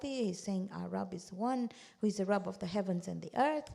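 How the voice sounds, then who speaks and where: A middle-aged woman teaching a religious study lesson, explaining verses with emphatic rhetorical questions and moving between quick recitation and slower explanation. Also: medium pitch, creaky, mellow.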